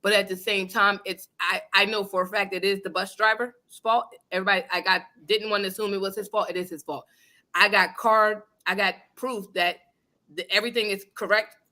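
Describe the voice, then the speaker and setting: A woman hosting a casual talk show, telling a story in an animated, emphatic and blunt way. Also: mid-range voice, a little fast. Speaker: host. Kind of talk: casual chat. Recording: live online radio show.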